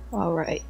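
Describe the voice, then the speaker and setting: A woman's voice: pushed and bright, poor audio. A woman playing a tabletop game, hesitantly describing her character's actions with many "like"s. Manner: hesitant, full of "like". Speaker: player.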